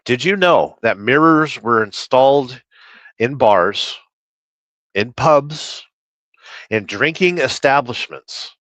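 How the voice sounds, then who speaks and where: A man's voice: medium pitch, animated, slow pace, long pauses, a bit bright, no echo, low-quality recording. A man livestreaming while trucking, reading chat aloud and rambling through opinions in casual talk.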